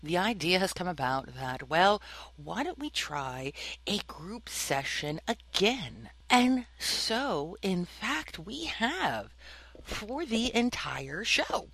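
A woman's voice: lowish voice, very animated, slow pace, gravelly, fairly bright tone, husky, dry recording, rough recording. A woman hosting a casual group podcast, bubbly and rambling, laughing often. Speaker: podcast host. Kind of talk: casual podcast intro and chat.

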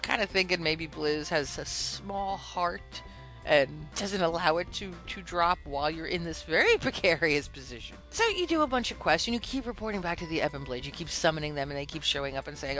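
Podcast host, casual game storyteller, animated and exasperated, crisp bright tone. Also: medium pitch, brisk, soft background music. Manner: animated, exasperated retelling with acted-out quotes.

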